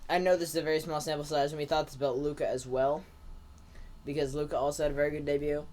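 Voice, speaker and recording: A man co-hosts a casual sports podcast with a voice a touch high for a man. He breaks down the game in a dry, joking manner. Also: level tone, quick pace, a little mellow, slight background noise. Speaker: podcast co-host.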